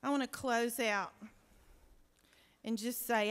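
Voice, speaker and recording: Lady senator pleading hard at a podium mic, kinda high voice, big echoey chamber. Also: steady tone, slow, smooth. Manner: emotional, pleading, rhetorical questions. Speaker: state senator. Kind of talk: impassioned floor speech. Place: large legislative chamber. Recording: long reverb of a large chamber.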